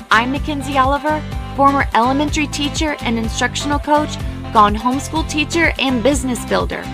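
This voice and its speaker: A woman with a high voice gives a scripted, inspirational podcast intro, emphatic and slow in her phrasing. A clear music bed plays under her voice. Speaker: podcast host.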